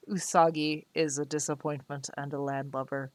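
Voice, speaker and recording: A woman's voice: lowish voice, lively intonation, a little slow, no room sound, clean studio sound. A woman streaming a story game live, reading its text aloud and making playful, chatty asides to her viewers.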